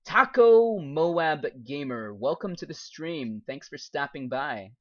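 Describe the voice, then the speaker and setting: Speaking slowly with lively intonation, this young American game streamer, who also teaches English, reads viewer comments aloud and laughs a lot while casually chatting as he plays. His voice sits on the high side with a slightly bright tone, captured in dull lo-fi stream audio.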